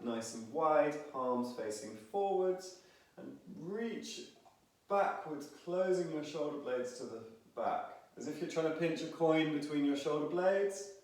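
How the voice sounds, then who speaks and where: A man guiding a morning movement and breathing session, calmly cueing each stretch and breath, a little out of breath as he moves along. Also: mid-range voice. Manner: calm, instructive, counting and cueing each movement. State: slightly out of breath. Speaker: movement instructor. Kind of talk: guided movement and breathing class. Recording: very echoey room, from a distance.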